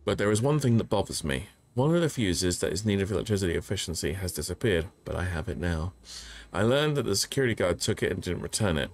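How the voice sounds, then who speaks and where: Man, game streamer, low voice, jokey commentary, faint background hum. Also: lively intonation, quick pace. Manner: jokey, reads notes aloud, yelps when startled. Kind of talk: casual gameplay commentary.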